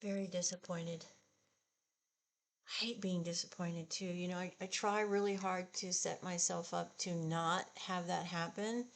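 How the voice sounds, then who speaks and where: A woman in her sixties chatting slowly and haltingly while she does her makeup, sounding upset and discouraged. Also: fairly low pitch, fairly even intonation. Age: 60s. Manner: slow, subdued and halting, with sighs. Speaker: beauty vlogger. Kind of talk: casual get-ready-with-me chat.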